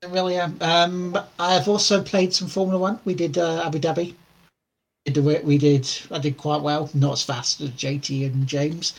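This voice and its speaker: A man's voice: on the high side, little pitch movement, normal speed, creaky. A man co-hosting a casual gaming podcast, joking and teasing, laughing often. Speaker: podcast co-host. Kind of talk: casual chat.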